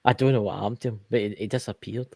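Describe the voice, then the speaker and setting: A man's voice: on the low side, steady tone, racing, vocal fry, a little mellow, dry recording. A Scottish man co-hosting, trading jokey, teasing banter. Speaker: co-host. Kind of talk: casual chat.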